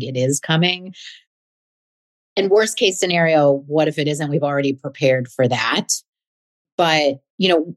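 A woman hosting a podcast, telling a personal story in a chatty, rambling way full of fillers. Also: low voice. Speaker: podcast host. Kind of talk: casual storytelling chat.

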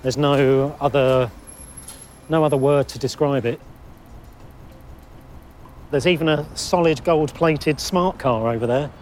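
A former police officer talking casually while walking outdoors, relaxed with fillers. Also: male voice, mid-range voice, slow pace, long pauses, slight background noise. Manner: relaxed, conversational guide with fillers. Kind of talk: casual chat on location. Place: city street outdoors.

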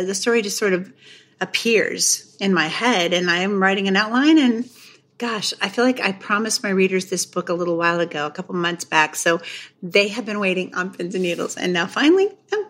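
A middle-aged woman, a guest author on a podcast, telling a story with lively energy and acting out the voices of others. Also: medium pitch, fairly quick. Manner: animated storyteller, acts out quoted voices.

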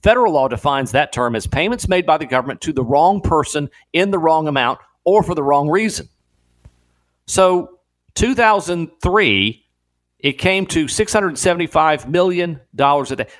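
Radio host guy, talks up high and bouncy, riffs and scoffs. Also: moderate pace. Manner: animated, incredulous, laughing asides. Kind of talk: talk radio monologue. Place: radio studio.

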